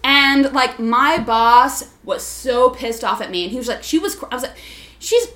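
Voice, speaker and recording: A woman with a fairly high voice rants through a story in casual chat, swearing freely and putting on mocking voices. The sound is roomy and echoey. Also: moderate pace. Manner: profane, ranting, animated storyteller. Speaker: podcast co-host telling a story. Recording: echoey room.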